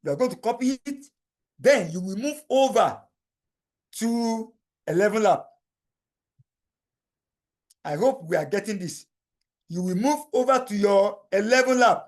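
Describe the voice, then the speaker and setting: A man guides the viewer through a software tool step by step, speaking over a screen recording. He talks straight to the learner and circles back to repeat each instruction. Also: high voice, expressive, measured pace, long pauses. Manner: repetitive, step-by-step explaining, addresses viewer directly. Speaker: tutorial instructor.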